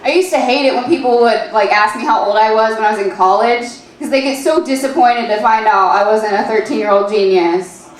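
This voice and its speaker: A woman in her twenties performing a stand-up set, her voice a touch high. She talks in a halting deadpan, full of fillers and restarts, and the sound rings out in a very echoey club room. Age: 20s. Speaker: stand-up comedian. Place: comedy club stage.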